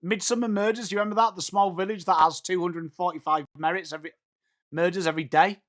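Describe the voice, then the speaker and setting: Excitable English man hosting a watchalong. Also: sits high, quick pace. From England. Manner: chatty and excitable, reads out viewer names. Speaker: watchalong stream host. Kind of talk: live football watchalong chat.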